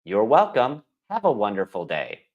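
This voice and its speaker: A man's voice: fairly low pitch, huge pitch swings, moderate pace, phone-quality sound. A man reading the part of a helpful post office clerk in a practice dialogue, in a plain, informative way.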